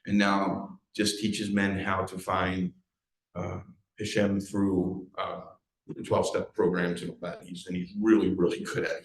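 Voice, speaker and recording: Emotional Philly man telling his story. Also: deep voice. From USA, South Philadelphia. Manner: storytelling, emotional, fast restarts and fillers. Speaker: guest speaker. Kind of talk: live personal testimony talk. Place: event hall before a live audience. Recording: echoey live talk hall.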